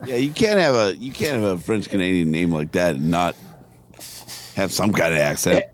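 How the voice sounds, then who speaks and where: A man's voice: low-pitched, animated, normal speed. A middle-aged man co-hosting a casual podcast, joking and laughing often as he tells stories. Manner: laughs often, playful quoting. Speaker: podcast co-host.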